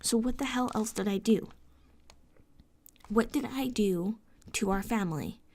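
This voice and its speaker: A woman's voice: a little high, a little slow, a little mellow. A sleepless woman venting in a vlog, ranting with frustration and sarcasm, swearing often and sometimes dropping into a whisper. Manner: drops into whispers at times. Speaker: vlogger. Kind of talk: late-night venting vlog.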